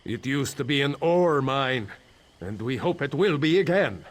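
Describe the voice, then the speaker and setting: A man's voice: medium pitch, animated, unhurried, lightly acted. An actor playing an anxious male mine foreman in a video game, rambling nervously with dry humor about his trapped crew.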